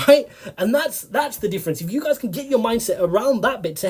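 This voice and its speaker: A man's voice: sits high, lively intonation, a little fast, husky. A man hosting a crypto channel, giving market commentary straight to his viewers and firing off rhetorical questions.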